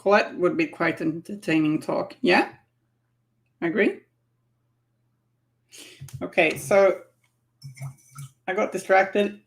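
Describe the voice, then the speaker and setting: A woman talks unhurriedly while she paints miniatures, in a relaxed, casual chat. Her voice has a gravelly edge of vocal fry, and she laughs easily and thinks out loud. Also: lowish voice, slow pace, pauses often. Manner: chatty, laughing, musing aloud.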